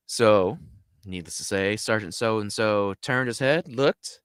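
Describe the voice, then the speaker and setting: A man hosting a show, telling a story in a casual, animated way with lots of fillers. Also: mid-range voice, moderate pace, clear, resonant tone, no room sound, clean studio sound. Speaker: host.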